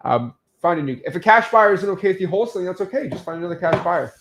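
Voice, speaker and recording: Animated man telling stories, slightly high voice. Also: slight background noise. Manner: animated storyteller, quick shifts in pitch. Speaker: co-host answering viewer questions. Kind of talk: casual business chat.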